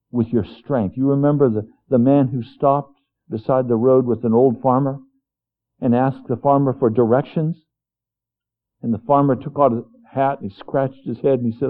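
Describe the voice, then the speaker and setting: Male pastor, unhurried storytelling sermon delivery, lo-fi narrow recording. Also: mid-range voice. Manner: slow, storytelling preacher voicing God's words gently. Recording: tinny phone-like lo-fi recording.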